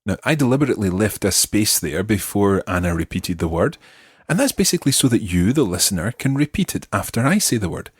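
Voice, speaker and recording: Husky-voiced man teaching at a patient pace. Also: on the low side, sing-song, dry recording. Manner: patient, explanatory, models words slowly for repetition. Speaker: language teacher and host. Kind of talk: scripted audio language lesson.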